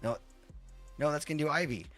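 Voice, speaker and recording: Soft music plays behind a livestream host who talks fairly quickly in a fairly high, slightly bright voice. He rambles casually, addressing his chat in between tinkering with his setup.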